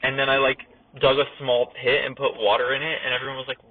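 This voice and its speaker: A man's voice: medium pitch, flat delivery, fairly quick, few pauses. A young man casually telling a story while driving, rambling with lots of "like" and chuckles. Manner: rambling, heavy use of "like", laughs while telling. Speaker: podcast host. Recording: tinny phone-like audio with faint noise.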